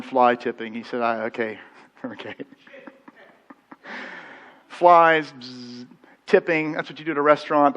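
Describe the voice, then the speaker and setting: A man's voice: on the high side, a bit bright, highs cut off. A middle-aged American man preaching a sermon as pastor, telling anecdotes with quoted voices. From United States. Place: church sanctuary.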